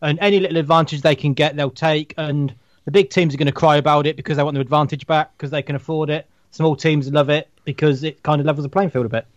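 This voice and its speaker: Measured British podcast guest. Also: male voice, a little high, steady tone, dry recording, dull audio. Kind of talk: casual podcast chat.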